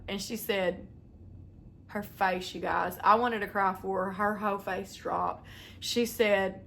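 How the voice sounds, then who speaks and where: A young vlogger tells her viewers a long, rambling story to camera, acting out the voices of the people involved. Her mid-range voice is pushed and bright, fairly even in intonation and normal in speed, with a little background noise.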